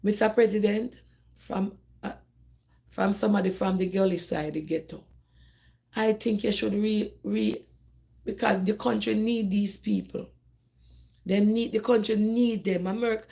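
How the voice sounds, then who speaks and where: A woman's voice: mid-range voice, moderate pace, vocal fry. Jamaican lady live streaming from her phone, middle-aged, talks straight at viewers, lots of repeats and restarts. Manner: animated, repeats and restarts, addresses viewers directly. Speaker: host of a live call-in discussion. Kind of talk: casual live-stream talk.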